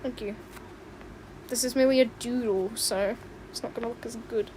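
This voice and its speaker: A young woman chatting on a livestream while she draws, excitable and rambling, often squealing and laughing. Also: a little high, moderate pace, a little hiss or hum. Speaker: livestreaming artist. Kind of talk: casual stream chat while drawing. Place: home room with open window.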